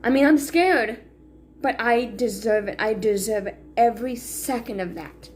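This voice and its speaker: A woman's voice: on the high side, a little slow, darkish tone, slight background noise. A woman talking to her viewers in a rambling, self-critical confessional vlog, full of restarts and sighs. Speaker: vlogger.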